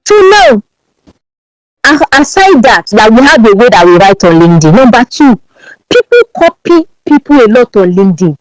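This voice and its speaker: A Nigerian woman with a strong Yoruba accent talks as a podcast guest, fairly high and very animated, her pitch leaping up and down. She speaks with emphasis and often repeats words as she goes. The sound is dry, with no room echo. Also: normal speed. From Nigeria, Ibadan. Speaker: podcast guest, branding strategist. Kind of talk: podcast interview.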